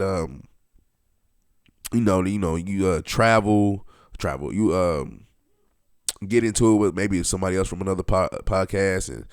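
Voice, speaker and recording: A man's voice: sits low, no room sound, clean studio sound. Laid-back young man hosting a podcast. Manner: loose and rambling, with frequent restarts and slang. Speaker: podcast host. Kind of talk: casual solo podcast monologue.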